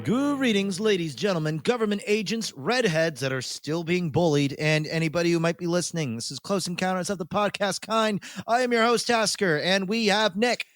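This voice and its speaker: A man's voice: high voice, a little fast, hardly any pauses, a bit bright, no room sound. Jokey man hosting a podcast, dry mic. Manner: jokey, laughs often. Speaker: podcast host. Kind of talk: casual podcast chat.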